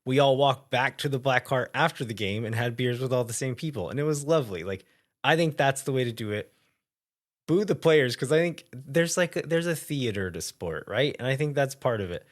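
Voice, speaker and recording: A man co-hosting a casual soccer podcast, easygoing and thinking out loud with loose asides. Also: mid-range voice, animated, fairly quick. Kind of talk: casual chat.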